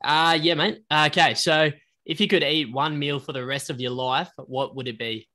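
An Australian man in his young adult years with a fairly high, sharp, bright voice. He chats in a blokey, slangy way and laughs easily. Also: steady tone, moderate pace. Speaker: podcast co-host. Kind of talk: casual podcast chat.

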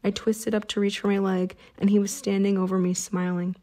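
A woman reading an audiobook in the first person, with tense, steady storytelling. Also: medium pitch, a little fast. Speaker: audiobook narrator.

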